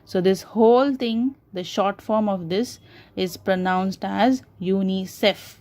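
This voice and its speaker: Slow, patient woman teaching grammar. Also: mid-range voice, a little mellow. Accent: Indian English. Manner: slow, patient explaining with repeated examples. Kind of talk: classroom grammar lesson.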